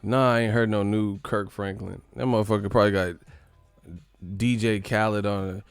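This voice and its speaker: Man, live-stream host, gravelly, mid pitch, dry close sound, profane joking chat. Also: steady tone, normal speed, dry recording, faint music behind. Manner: profane, joking, mocking chat in silly high voices. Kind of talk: casual live-stream chat reading comments.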